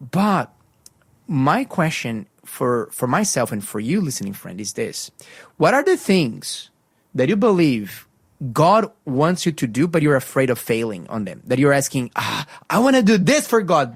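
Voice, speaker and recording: A man hosting a breakfast show on faith radio tells a Bible story casually, with lots of fillers and restarts, his pitch jumping up as he acts out each voice. His delivery is sing-song, a little slow, and slightly rough. The studio mic sounds dry and close, with no room sound.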